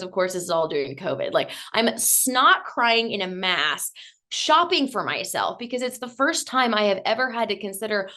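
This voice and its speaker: A woman in her late thirties, talking as a guest in an interview. She tells her own story candidly and with lively energy, and she slips into acting out what she thought back then. Her voice sits at a middle pitch for a woman. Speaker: podcast guest.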